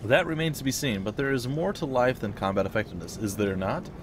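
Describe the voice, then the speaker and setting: A man voicing a cultured, pleasant middle-aged male drone engineer in a video game, speaking in a polite, measured way. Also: medium pitch, noisy background, lightly acted. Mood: courteous.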